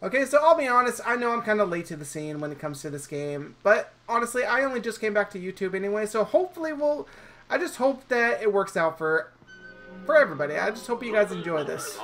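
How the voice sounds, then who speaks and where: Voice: medium pitch, animated, fast talker. Casual let's-play host, chatty and self-deprecating, mid-range voice, game music behind. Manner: chatty and self-deprecating, reading the story aloud. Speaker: YouTube gamer.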